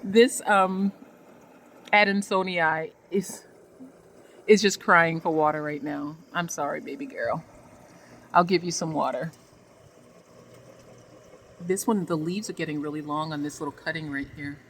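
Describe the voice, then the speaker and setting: A woman's voice: sits low, fairly even intonation, unhurried, long pauses, a bit bright, a little hiss or hum, poor audio. A woman vlogging a casual tour of her greenhouse, gushing affectionately and talking to her plants as she walks around with a handheld phone.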